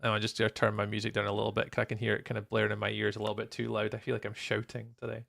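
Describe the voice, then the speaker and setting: A man's voice: lowish voice, monotone, very fast, vocal fry, a bit bright. A Scottish man chatting casually with viewers on a live stream while he builds in a game, greeting people by name and laughing often. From Scotland.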